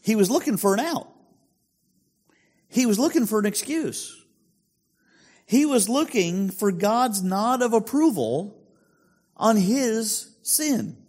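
A man's voice: high voice, lively intonation, slow pace, pauses often, darkish tone. A male pastor preaching a sermon in a conversational way, full of rhetorical questions. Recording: long hall reverb.

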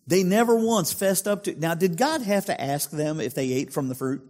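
A man's voice: sits high, animated, moderate pace, hardly any pauses, a little mellow. A male pastor preaching a sermon in a conversational way, full of rhetorical questions. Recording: long hall reverb.

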